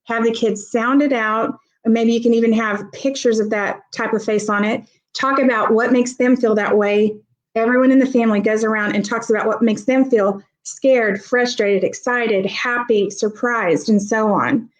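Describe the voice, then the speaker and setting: A woman's voice: a little high, steady tone, moderate pace, rough recording. A woman guest expert explaining child reading development in a live-streamed talk, acting out examples with her voice. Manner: explanatory, demonstrates examples with vocal emphasis. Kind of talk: live-streamed talk giving parenting advice.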